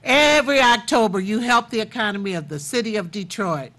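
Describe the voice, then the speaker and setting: A woman's voice: mid-range voice, fairly quick, fairly bright tone. An older woman hosting a chatty TV interview, effusive and repeating words for emphasis. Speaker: talk show host.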